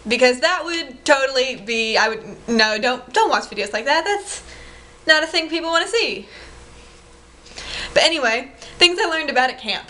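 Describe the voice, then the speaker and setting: A woman vlogging casually to camera, rambling in an exasperated, excitable way. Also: high voice, fairly quick.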